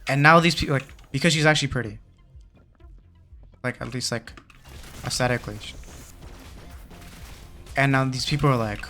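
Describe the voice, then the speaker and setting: A man's voice: mid-range voice, moderate pace, long pauses, sharp tone, faint music behind. Slangy young man chatting over gameplay. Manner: slangy storytelling with many fillers; muttering game commentary. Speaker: gaming channel host. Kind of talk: casual chat while playing a game.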